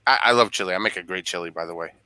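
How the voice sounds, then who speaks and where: A man's voice: low-pitched, very fast, bright, forceful tone, clean tone, no echo. A man co-hosting a casual video-call chat show, bickering playfully and acting mock-offended. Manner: playfully argumentative, mock-indignant. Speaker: co-host.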